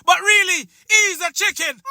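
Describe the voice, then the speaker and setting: A man hosting a commentary channel, loudly taunting and shouting. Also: extremely high pitch, moderate pace, very noisy. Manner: loud, taunting, shouting often. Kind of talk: hyped street-style commentary.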